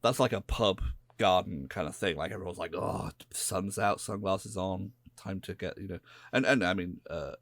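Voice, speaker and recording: A man with a West Country English accent, co-hosting a podcast in casual chat, rambling and drifting into quiet asides. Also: deep voice, normal speed, no echo. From England. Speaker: podcast co-host.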